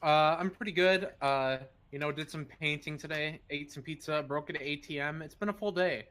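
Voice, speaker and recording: A man sits in as co-commentator on a speedrun stream, relaxed and joking, with a slightly high voice. He hesitates often and fills gaps with "uh" and "I mean.". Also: moderate pace, a little hiss or hum. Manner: hesitant, many fillers, laid-back joking. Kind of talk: casual esports commentary.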